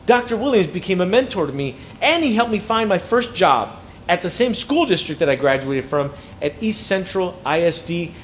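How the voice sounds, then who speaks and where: Speaking to educators, a motivational speaker in his thirties tells personal stories in a keynote, voice high-pitched with a faint hiss or hum behind it. He performs the quotes animatedly and often repeats words.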